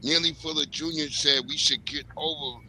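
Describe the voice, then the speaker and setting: A man's voice: on the high side, fairly even intonation, normal speed, bright, forceful tone, poor audio. A man in a casual panel discussion, blunt and heated, cursing freely.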